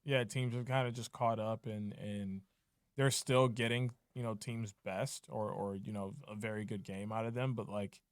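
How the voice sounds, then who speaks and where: Sarcastic young man, lowish voice. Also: fairly even intonation, clean tone, dry recording, clean studio sound. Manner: quick-witted, sarcastic, chatty. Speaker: podcast co-host. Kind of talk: casual sports chat.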